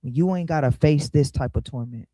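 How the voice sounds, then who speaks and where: A man's voice: warm tone, dry recording. A man preaching in an emphatic, rhythmic way, drawing lessons from scripture. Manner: emphatic, rhythmic, dips low and slow to stress. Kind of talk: sermon, Bible study commentary.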